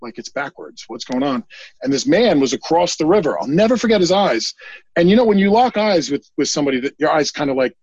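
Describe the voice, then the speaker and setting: A man, a guest psychic medium, telling a story in a casual podcast interview, rambling and animated, full of "like" and casual swearing. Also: on the high side, quick pace, slightly rough, muffled recording.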